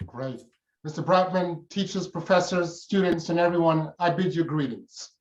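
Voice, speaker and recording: A man's voice: on the high side, moderate pace. A man giving a formal public talk as guest speaker, solemn and emotional, in an oratorical manner. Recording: echoey room, dull lo-fi sound.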